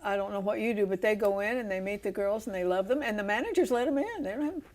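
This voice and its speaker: A woman's voice: mid-range voice, lively intonation, fast talker, darkish tone. A woman hosting a Christian talk show, who asks leading questions and adds emphatic, sympathetic comments.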